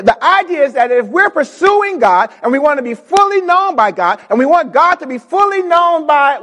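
A man preaching from the pulpit with a very high voice. He calls out to the congregation, circles back on his words, and builds to shouts. His voice rings with the long reverb of a church hall. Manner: call-and-response preaching, repeats words, rising to shouts. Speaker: pastor. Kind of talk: preaching a sermon.

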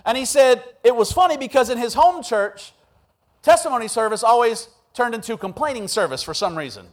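A man with a high-pitched voice delivers a sermon. He tells funny stories and acts out quotes in an animated way before turning serious. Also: brisk. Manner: humorous, animated preaching with acted quotes. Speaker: pastor.

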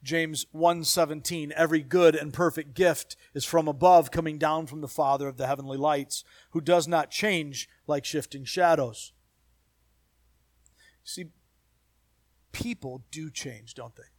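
A man preaching a sermon as pastor, building emphasis through repeated phrases and dropping to quiet asides. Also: on the high side, steady tone, a little slow, no echo.

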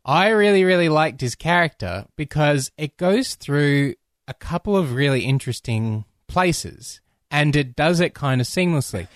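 A man's voice: a little high, unhurried, no room sound, clean studio sound. A man co-hosting a film podcast, talking casually and rambling with many restarts. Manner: rambling, animated, restarts often. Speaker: podcast co-host.

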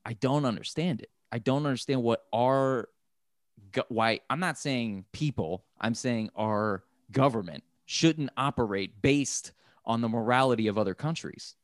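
A man's voice: medium pitch, a little slow, no echo, studio quality. An American man co-hosting a casual podcast chat, rambling and swearing as he talks. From United States. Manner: profane, rambling, animated. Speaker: podcast co-host.

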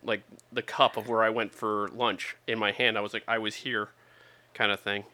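Middle aged guy, bright kinda sharp tone, relaxed chat, laughs at himself. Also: on the low side, a little fast. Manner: easygoing anecdotes, self-deprecating, with stumbles. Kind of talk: casual chat.

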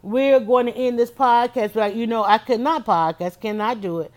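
In a voice that is a little high with a darkish tone, a middle-aged woman hosts a podcast at normal speed. She delivers a motivational monologue, emphatic and repetitive, and keeps calling her listeners y'all.

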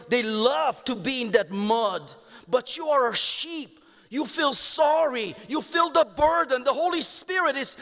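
A man with a Romanian accent preaching a sermon to his congregation, impassioned, calling them "my beloved" and swinging between hushed tones and raised exclamations. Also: extremely high pitch. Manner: impassioned, addresses listeners as "my beloved". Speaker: pastor. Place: church sanctuary. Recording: long church hall reverb.

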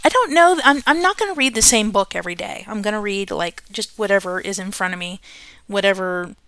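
A woman's voice: mid-range voice, expressive, a little fast, fairly bright tone, clear, resonant tone, no room sound. A woman host reading a book aloud on her podcast, chatty and self-correcting, laughing at her own slips.

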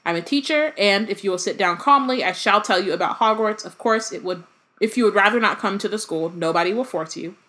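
Woman reading as an old headmaster, patient, calm, bright plain voice. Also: medium pitch, fairly quick, natural voice.

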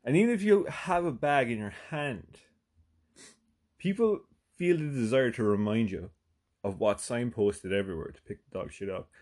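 A man's voice: medium pitch, expressive, moderate pace, a little mellow. A man with an Irish accent, hosting a podcast and telling a profane comic story in a chatty way, full of "right?" asides and sudden bursts of emphasis. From Ireland. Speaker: podcast host.

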